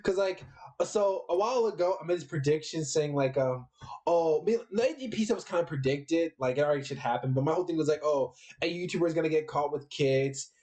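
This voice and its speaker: A man's voice: fairly high pitch, expressive, fast talker, darkish tone. A young man co-hosting a podcast, rambling casually and swearing freely. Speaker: podcast co-host. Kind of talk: casual chat.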